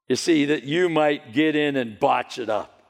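A man preaching a sermon to a church gathering, telling stories in an animated way and often repeating his words as he goes. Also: mid-range voice, a little slow, gravelly. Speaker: pastor. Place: church hall. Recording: long hall reverb.

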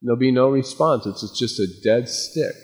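A man's voice: medium pitch, normal speed, long reverb tail. A male pastor giving a conversational sermon that moves between plain explanation and emphatic warnings. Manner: conversational preaching, emphatic warnings, acts out quotes. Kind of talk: expository sermon.

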